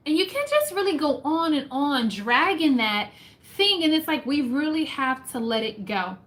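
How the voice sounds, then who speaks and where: A woman hosting a casual livestream book recap, lively and exclamatory, reading passages aloud and reflecting on them. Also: high-pitched, normal speed. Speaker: host of a faith book chat livestream.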